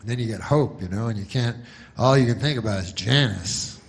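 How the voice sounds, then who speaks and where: A man doing a stand-up comedy monologue, deadpan and rambling through long setups. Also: on the low side, moderate pace, gravelly.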